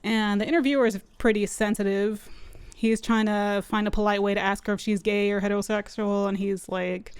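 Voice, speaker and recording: Smooth-voiced woman reviewing a film casually. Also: mid-range voice, steady tone, brisk, dry recording. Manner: chatty, loose, with frequent "like" fillers. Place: at home with her dog nearby.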